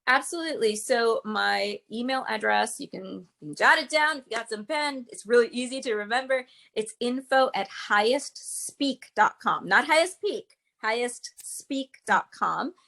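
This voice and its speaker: A woman's voice: fairly high pitch, moderate pace, creaky, few pauses, sharp tone. A woman speaking as a guest, a public speaking coach explaining with emphatic, teacherly energy. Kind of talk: interview guest.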